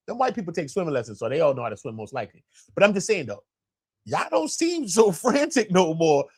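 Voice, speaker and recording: A man's voice: sing-song, normal speed. A man hosting a live stream, reacting in casual slang with a lot of swearing. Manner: slangy and profane, with big swings of pitch.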